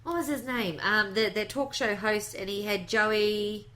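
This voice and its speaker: A New woman co-hosting a podcast in casual chat, chatty and quick to laugh along. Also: mid-range voice, steady tone, a crowd in the background. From New Zealand. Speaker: podcast co-host.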